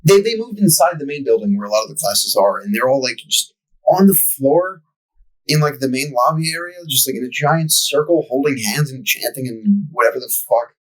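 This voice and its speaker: Young dude podcast cohost, husky, swears a lot, ranty story. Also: male voice, mid-range voice, expressive, normal speed, low-quality recording. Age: young adult. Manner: profane ranting storyteller. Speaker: podcast co-host. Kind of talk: casual chat.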